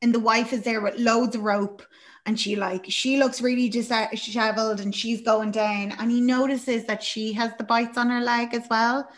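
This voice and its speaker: A woman's voice: a little high, little pitch movement, normal speed. A woman casually recapping a film, chatty and rambling, with fillers and swearing.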